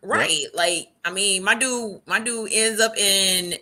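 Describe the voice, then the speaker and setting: Bright-voiced woman, animated and laughing. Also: mid-range voice, slow pace. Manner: animated, laughs often, fillers. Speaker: podcast co-host. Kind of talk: casual chat.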